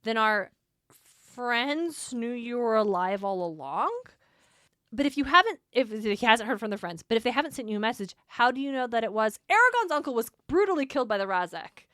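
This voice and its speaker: Relaxed woman co-hosting a book podcast. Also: a little high, fast, few pauses, no room sound, studio quality. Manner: relaxed, thinks aloud with fillers. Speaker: podcast co-host. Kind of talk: casual book discussion.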